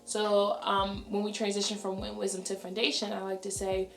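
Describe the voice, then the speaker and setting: A young adult woman, a schoolteacher, talking fast and chatty in a casual vlog, her voice raspy and tired. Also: medium pitch, monotone, roomy sound, soft background music. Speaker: elementary school teacher. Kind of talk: casual vlog talk to camera.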